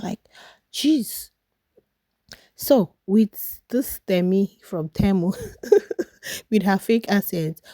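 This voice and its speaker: A young woman with a Nigerian accent talks in a low, warm voice, recapping the drama for her viewers. Her delivery is chatty and gossipy. The sound is dry and close. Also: no echo. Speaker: reality show commentator. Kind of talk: casual reaction vlog.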